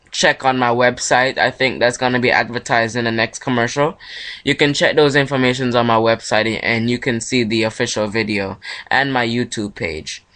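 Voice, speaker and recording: A man's voice: medium pitch, a bit bright. A young man from Jamaica hosting his own podcast, talking in a loose, rambling solo monologue with frequent self-corrections.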